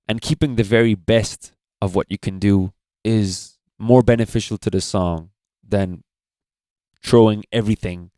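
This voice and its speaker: A man's voice: fairly low pitch, unhurried, a little mellow, clear, resonant tone, dry recording. A young man commenting as a judge on a livestream, giving thoughtful, explanatory advice. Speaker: beatbox battle judge.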